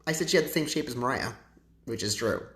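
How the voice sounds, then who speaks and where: A man talks straight to his livestream viewers in a sassy, campy, chatty manner. His voice sits at a middle pitch. The room rings with a noticeable echo. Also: lively intonation, fast talker, a bit bright. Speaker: livestream host. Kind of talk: casual livestream commentary to viewers. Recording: echoey room.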